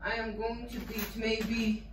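A woman's voice: a little high, flat delivery, slow pace. A young woman from Ireland chatting casually in her home kitchen while baking, rambling, joking and swearing freely. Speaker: vlogger. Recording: noisy home recording.

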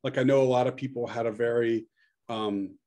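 A man's voice: mid-range voice, steady tone, brisk, warm tone. Man, rabbi, interviewer, conversational, affirming, synagogue. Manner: affirming, conversational, echoes the guest's points. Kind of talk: casual interview.

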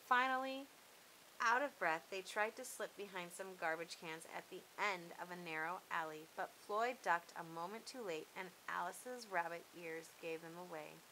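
Bright-voiced woman reading a children's story. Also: lowish voice, normal speed, a little hiss or hum, poor audio. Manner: expressive, lively read-aloud. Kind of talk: children's storybook read-aloud.

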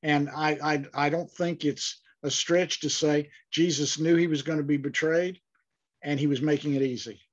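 A man's voice: a little high, fairly even intonation, moderate pace, highs cut off. A man teaching an online Bible class, speaking thoughtfully with frequent fillers and restarts.

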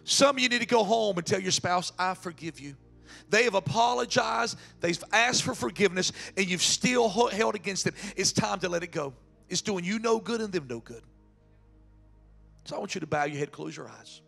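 Male pastor, bright gravelly voice, raw emotional sermon, faint music under it. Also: high-pitched, a little fast. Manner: candid, emotional preaching that swings from hushed to shouting.

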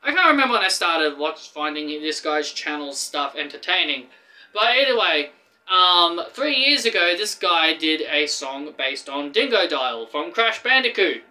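Excitable Australian man, bright voice. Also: a little high, moderate pace, poor audio. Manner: rambling, excitable, laughs often. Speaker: streamer reacting to a video. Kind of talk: casual reaction commentary.

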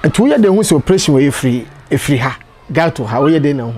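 A man's voice: a little high, expressive, racing, crowd noise. A Ghanaian man hosting a casual interview, prompting his guest with short replies. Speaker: interview host.

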